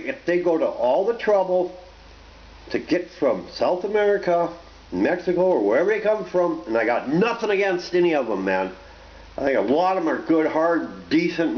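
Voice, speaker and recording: A man ranting casually to camera, blunt and profane, rambling from point to point. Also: medium pitch. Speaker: vlogger. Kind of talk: casual opinion rant to camera. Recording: roomy, dull lo-fi home recording.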